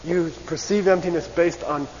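A man teaching a class in a lively lecture style. He often checks in with "okay?" and acts out short debate phrases to show how they sound. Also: fairly high pitch, normal speed. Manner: animated, repeats "okay?" and acts out debate voices. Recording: long reverb, dull lo-fi hiss.

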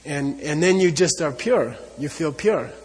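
A man's voice: fairly high pitch, lively intonation, a little slow, in a large hall. A man giving an earnest spiritual talk to an audience, repeating his points and often saying "you know.". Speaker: Buddhist teacher.

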